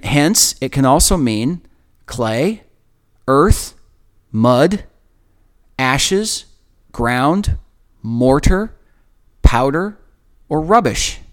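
A man hosting a podcast, giving a reflective, earnest Bible teaching in a conversational way with emphatic pauses. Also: on the high side. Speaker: podcast host leading Bible study.

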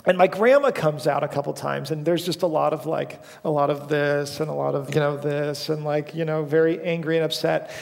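A young man gives a casual, rambling sermon in a church, his fairly high voice edged with a gravelly fry. Long reverb from the big sanctuary trails behind his words. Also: fairly even intonation, brisk, few pauses. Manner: casual storytelling, self-deprecating, with frequent fillers. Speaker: pastor.

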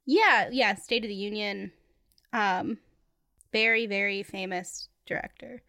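A woman's voice: medium pitch, fairly even intonation, measured pace, sharp tone, dry recording, clean studio sound. A woman co-hosting a casual movie podcast, chatty and self-deprecating, laughing often as she talks. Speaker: podcast co-host. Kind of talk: casual movie-review chat.

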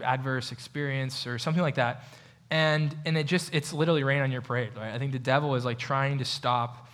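A man's voice: a little high, a bit bright. A man preaching a sermon in a church, talking conversationally and asking the audience questions. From United States. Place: church hall with a projector.

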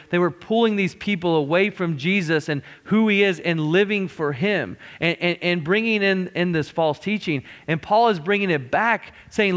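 A male pastor preaches in a high-pitched voice, pressing each point hard and circling back on his phrases. His words ring out with the long reverb of a church sanctuary. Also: a bit bright. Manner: emphatic, repeats and restarts phrases. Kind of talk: sermon.

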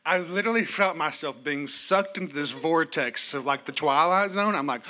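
A man's voice: fairly high pitch, normal speed, hardly any pauses. A middle-aged man preaching a sermon in a church, telling stories with humor and calling out to the congregation for responses. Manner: animated, humorous storytelling with calls to the congregation. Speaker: pastor.

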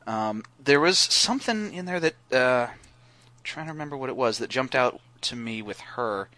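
A man's voice: mid-range voice, expressive, normal speed, bright, forceful tone, dry recording. Rambling man on a dry podcast mic. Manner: rambling, many fillers and restarts. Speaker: podcast guest co-host. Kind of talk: casual podcast chat.

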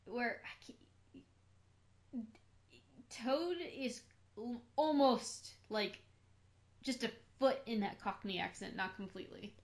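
A woman co-hosting a casual film discussion, chatty and thinking out loud as she talks. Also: fairly high pitch, animated, slow pace, pauses often. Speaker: podcast co-host.

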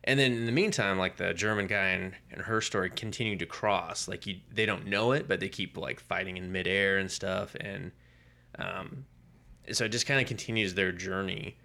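Male podcast co-host, low gravelly voice, animated storyteller. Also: moderate pace. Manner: animated storytelling, acting out quoted lines. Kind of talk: casual comic book podcast chat.

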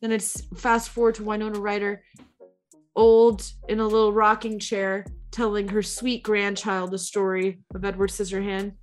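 A woman's voice: medium pitch, flat delivery, normal speed, soft background music. A woman retelling a movie plot in casual chat, rambling with lots of likes and uhs, and gushing about it.

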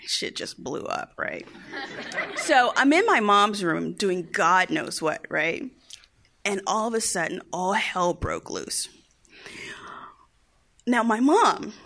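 A woman telling a comic personal story live on stage, animated and laughing often. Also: medium pitch.

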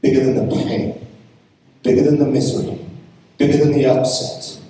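A man's voice: mid-range voice, level tone, normal speed, warm tone. A man preaching a sermon, telling a story and pressing his point with emphatic rhetorical questions. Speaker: pastor. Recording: echoey hall, mic from far off.

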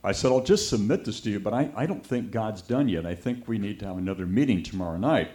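A man preaches a sermon built around a story, full of lively anecdotes in which he acts out the voices of the people he quotes. His voice is lowish and his pace quick.

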